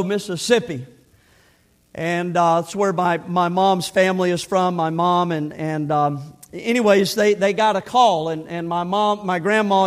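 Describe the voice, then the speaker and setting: High-voiced man preaching a sermon. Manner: repeats and restarts words, conversational preaching. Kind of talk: sermon with storytelling.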